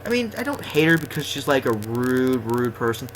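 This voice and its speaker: A man's voice: mid-range voice, very animated, normal speed, a little hiss or hum, low-quality recording. A young man telling rambling, self-deprecating stories casually while playing a game. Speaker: gaming vlogger. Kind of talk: casual storytelling over gameplay.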